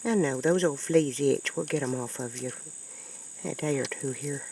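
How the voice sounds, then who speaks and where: A woman talking baby talk to a kitten outdoors, cooing in a sing-song voice that jumps high, recorded on a handheld camera. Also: normal speed, a little mellow, husky, rough recording. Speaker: pet owner talking to a kitten. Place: outdoors near woods.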